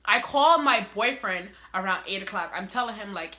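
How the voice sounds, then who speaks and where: Bright, animated young woman storyteller. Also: medium pitch, brisk, hardly any pauses, a little hiss or hum. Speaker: vlogger. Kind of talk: storytime vlog.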